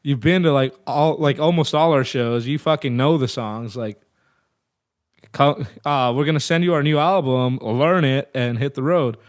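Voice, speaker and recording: A man in his thirties, a guest singer, telling stories in a relaxed, profane way with many fillers. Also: medium pitch, normal speed. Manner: profane, laid-back, lots of fillers. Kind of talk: casual storytelling chat.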